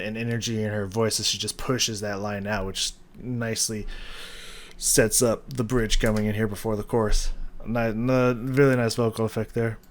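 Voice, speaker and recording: A man hosting a music reaction video, breaking down a song casually, with hesitant restarts and rhythms hummed aloud. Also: medium pitch.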